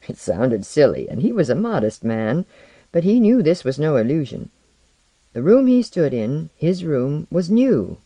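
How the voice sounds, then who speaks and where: Lively wry storyteller, dry close sound. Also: mid-range voice, dry recording. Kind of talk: read-aloud storytelling.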